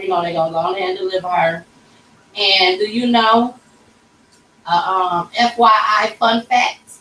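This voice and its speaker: A woman's voice: medium pitch, a bit bright. Woman host in her 30s, candid storyteller, off-mic in a roomy shop with faint background hum. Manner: candid and conversational, addressing viewers as y'all. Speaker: livestream host telling a personal story. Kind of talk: casual emotional storytelling. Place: tattoo shop. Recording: echoey room, mic at a distance.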